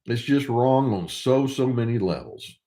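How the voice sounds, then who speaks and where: A man's voice: medium pitch, animated, a little slow, mellow. An older man, a therapist, talking casually and wryly to the camera while he thinks aloud. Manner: wry, conversational, thinking aloud.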